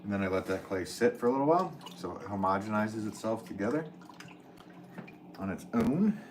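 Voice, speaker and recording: A man's voice: lowish voice, lively intonation, a little fast, background noise. A man live-streaming from his pottery studio, chatting casually with viewers and answering their comments while he works clay.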